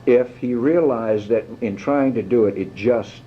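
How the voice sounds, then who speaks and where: An older man, a guest actor, telling lively stories in an interview, swearing freely and mimicking others. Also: medium pitch, unhurried. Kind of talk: anecdotal interview. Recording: dull lo-fi tape with faint hiss.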